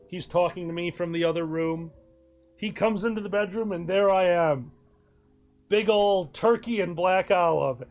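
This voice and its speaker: A man hosting a live stream, telling a funny story in an animated way and laughing often. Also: sits high, normal speed, soft background music. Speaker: streaming show host. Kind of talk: casual storytelling chat.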